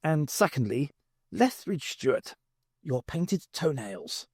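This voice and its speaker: Impatient, grave alien scientist, lecturing with lively pitch, read by a man. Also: slow pace, slightly rough, no room sound, clean studio sound, full character voice. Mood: urgent lecturing. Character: impatient, grave, ancient male time traveller.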